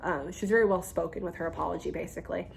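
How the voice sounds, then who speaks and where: Lower-voiced woman telling a story. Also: very fast, vocal fry, a little hiss or hum. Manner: animated, acts out quoted people, frequent ums. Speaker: YouTuber. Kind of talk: casual storytime.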